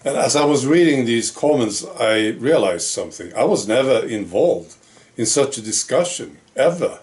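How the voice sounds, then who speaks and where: A man's voice: mid-range voice, lively intonation, normal speed, a little mellow. A man hosting his own channel, talking through his thoughts in a musing monologue full of rhetorical questions. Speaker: channel host. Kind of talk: reflective monologue to camera.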